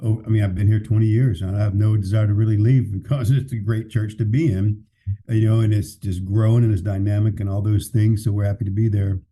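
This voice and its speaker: A man's voice: on the low side, steady tone, a little fast, dark tone. A man who is a pastor, speaking candidly and plainly in a casual podcast conversation, often restarting his sentences. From California.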